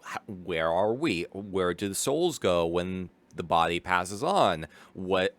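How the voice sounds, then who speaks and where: A man's voice: sits low, fairly bright tone. A man casually commenting as a streamer, rambling with lots of fillers and restarts and laughing easily. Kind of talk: casual live watch-along commentary.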